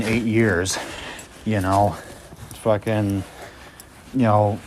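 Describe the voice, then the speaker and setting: A man telling rambling personal stories as a podcast host, heated and profane, with many fillers and restarts. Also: low-pitched. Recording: steady audible noise with clicks.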